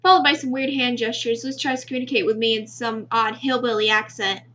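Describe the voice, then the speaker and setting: A woman reading a visual novel aloud in first-person narration, steady with small stumbles. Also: a little high, fairly quick. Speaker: game reader. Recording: slightly muffled with faint music.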